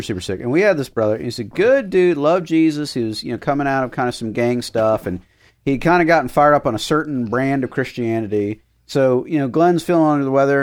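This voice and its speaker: A man co-hosting a comedy podcast in a studio, telling stories and acting out bits with lively delivery. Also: medium pitch. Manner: animated storyteller, acts out creepy close talk. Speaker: podcast co-host.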